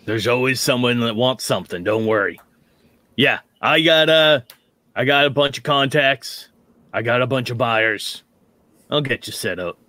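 A man playing a sly, grizzled fixer with a half-working mouth, in a drawling, lower voice. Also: normal speed, bright, forceful tone, no echo, lightly acted. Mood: reassuring.

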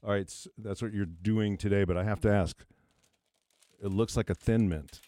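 A man leading a casual studio conversation with quick questions, his voice on the low side. The recording is dry and close. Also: fairly even intonation, dark tone, dry recording. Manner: leads the talk with quick questions. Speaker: radio host.

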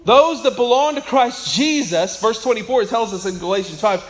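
A man preaching a sermon as pastor, emphatic and swinging between loud declarations and soft asides. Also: very high-pitched, animated, moderate pace, hardly any pauses.

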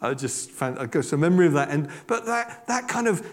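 An older English man preaches in a lively, emphatic way, his voice rising and falling a great deal and sitting a little high. He often doubles his words and slips in asides. The sound carries a long reverb from a large church hall. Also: moderate pace, hardly any pauses. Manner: animated, emphatic, with frequent repeated words and asides. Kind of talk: sermon.

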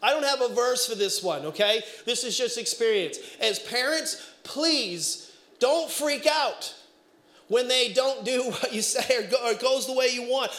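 A middle-aged man preaching a sermon as pastor, telling family stories in an animated way with bursts of shouting. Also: very high-pitched, moderate pace, hardly any pauses. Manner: animated storytelling, breaks into shouts and laughter. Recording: echoey room.

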